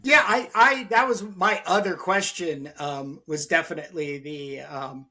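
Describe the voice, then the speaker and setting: A man's voice: a little high, fairly even intonation, measured pace, pushed and bright. A man hosting a casual interview, talking in a rambling, enthusiastic way with many restarts. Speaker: podcast host.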